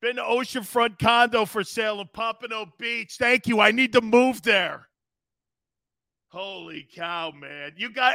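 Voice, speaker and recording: A middle-aged man hosting a live sports talk stream, loud and excitable, reacting to the chat with exclamations. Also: high voice, moderate pace, vocal fry, dry recording. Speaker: sports talk show host.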